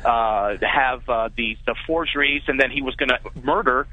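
A man's voice: medium pitch, moderate pace, no echo. A man from California calling in to a radio program to ask a question, speaking hesitantly with many fillers. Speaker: caller. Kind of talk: call-in question. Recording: tinny phone line.

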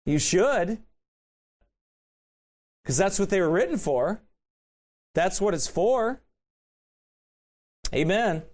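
A man's voice: high-pitched, lively intonation, takes it slowly, pauses often, darkish tone. A man preaching a sermon in a conversational way, asking rhetorical questions.

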